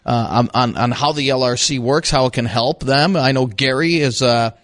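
A man's voice: mid-range voice, a bit bright, dry recording, studio quality. Man co-hosting a farm radio show. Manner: halting, with many fillers. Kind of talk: radio talk show chat.

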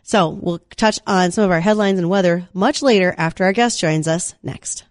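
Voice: medium pitch, moderate pace, no room sound, clean studio sound. A lifelong North Dakotan hosting a farm and weather radio show, chatting in a wry, snarky, joking way. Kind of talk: casual on-air chat.

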